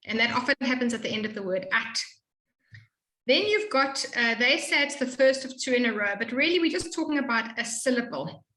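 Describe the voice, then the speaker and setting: Bright-voiced woman teaching Hebrew reading. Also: a little high, expressive, echoey room, rough recording. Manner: explains patiently, models sounds slowly. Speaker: Hebrew tutor. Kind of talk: one-on-one reading lesson.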